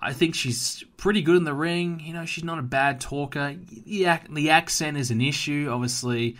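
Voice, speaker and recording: A man's voice: a little high, moderate pace, a bit bright. A young Australian man hosting a solo wrestling podcast, ranting emphatically with plenty of fillers and restarts. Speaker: podcast host.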